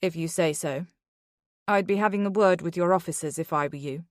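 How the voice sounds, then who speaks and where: A woman's voice: on the low side, brisk, no echo, lightly acted. Bitter husband in a thriller audiobook, clipped and sarcastic, dry close read, voiced by a woman. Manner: curt, sarcastic. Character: bitter, defensive husband under pressure.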